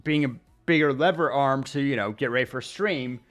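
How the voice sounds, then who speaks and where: A male streamer chatting casually, rambling along with pauses and restarts as he talks into his desk mic. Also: mid-range voice, fairly bright tone. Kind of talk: casual livestream chat. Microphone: desk mic at streaming setup.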